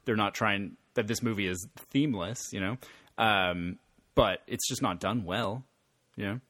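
A man's voice: fairly low pitch, unhurried, bright, forceful tone, no echo. Chatty man in a dry room. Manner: chatty, laughing, many fillers. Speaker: podcast co-host. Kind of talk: casual movie discussion.

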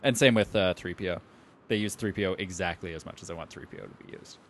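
A man's voice: low voice, fast talker, a little hiss or hum. A man co-hosting a casual podcast, discussing movies hesitantly with many ums and restarts. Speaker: podcast co-host.

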